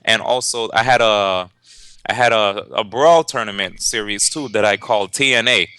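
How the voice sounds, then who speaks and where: Telling an interview story, the young tournament organizer and commentator stays lively and laughs a lot, stumbling through fillers and restarts. He has a lowish, smooth voice at a moderate pace. No echo is present.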